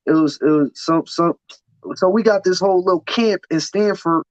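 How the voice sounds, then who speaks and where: Man guest, fairly high voice, blunt and heated, dull dry recording. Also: normal speed, dry recording. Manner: blunt, profane, heated storytelling. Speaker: podcast guest. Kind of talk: casual storytelling chat.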